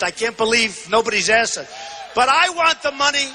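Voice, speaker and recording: A man's voice: very high-pitched, expressive, moderate pace. Male, 60s, political candidate, punchy repetitive rally delivery, long arena reverb. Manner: emphatic, repetitive, often shouting. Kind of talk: campaign rally speech. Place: large indoor arena.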